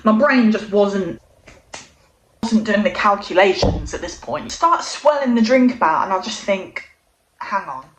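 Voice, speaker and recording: A woman's voice: mid-range voice, unhurried, a little hiss or hum. Sweary woman telling a comic story. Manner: casual, sweary, deadpan storytelling. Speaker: vlogger. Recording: roomy echo.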